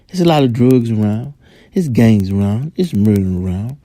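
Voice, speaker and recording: A man hosts a podcast alone, ranting in a heated, profane commentary. His voice is mellow and dark, recorded dry and close with no room sound. He often acts out the people he talks about. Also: fairly low pitch, animated, normal speed, no room sound. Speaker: podcast host. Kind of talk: angry commentary monologue.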